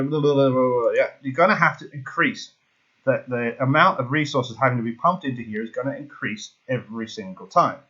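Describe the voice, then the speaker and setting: Excitable gaming host, husky voice, dull lo-fi recording, talks through sums aloud. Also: male voice, medium pitch. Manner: excitable, jokey, thinks aloud while calculating. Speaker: gaming YouTuber. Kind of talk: casual game strategy walkthrough.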